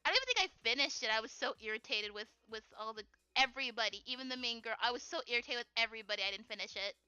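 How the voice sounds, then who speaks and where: Young woman streamer, high and crisp, rambling animated chat, dry close sound. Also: very fast, dry recording, highs cut off, soft background music. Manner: rambling, animated, many fillers and giggles. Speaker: streamer drawing live. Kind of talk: casual chat while drawing.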